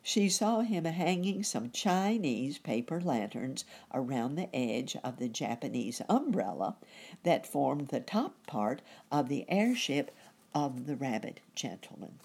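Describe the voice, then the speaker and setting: A woman storyteller reading a children's story aloud in a gentle, expressive way. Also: a bass voice, unhurried, breathy edge.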